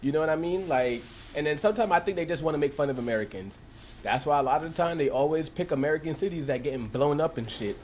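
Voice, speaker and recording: A man chatting casually on a podcast, his voice fairly high and swinging widely up and down as he gets excited. He laughs often and talks in loose slang. A faint hiss of noise sits under the recording. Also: fast talker. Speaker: podcast co-host. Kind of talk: casual chat.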